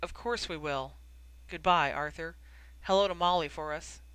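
Steady wizard friend in a storybook reading, quiet firm reassurance, crisp dry sound, voiced by a narrator. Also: medium pitch, moderate pace, dry recording, lightly acted. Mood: calm, firm.

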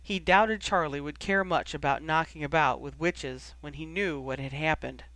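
A man reading a fan fiction story aloud as audiobook narration, with steady storytelling. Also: a little high, normal speed, no room sound. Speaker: audiobook reader.

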